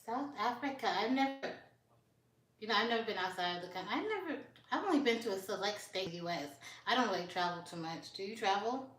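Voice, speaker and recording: A woman's voice: mid-range voice, a bit bright, far from the mic. A woman chats on a live stream, hunting for her words and restarting sentences as she catches up on comments. Her voice sits back from the microphone. The room around her adds a noticeable echo. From United States. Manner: halting and searching, with frequent restarts while reading comments. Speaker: live streamer chatting with viewers. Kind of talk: casual live-stream chat. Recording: roomy, voice set back from the mic.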